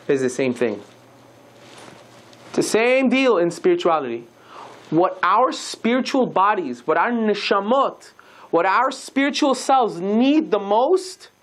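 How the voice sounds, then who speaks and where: A rabbi giving a sermon, telling a story and acting out the dialogue with lively shifts in voice. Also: male voice, sits high.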